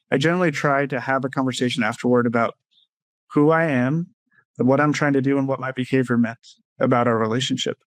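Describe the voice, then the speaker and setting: A man's voice: mid-range voice, no room sound. A man who coaches parents, explaining his views in a casual interview and often checking in with "right?". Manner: thoughtful, explanatory, frequent "right?" tags. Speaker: guest, clinical social worker and parenting coach.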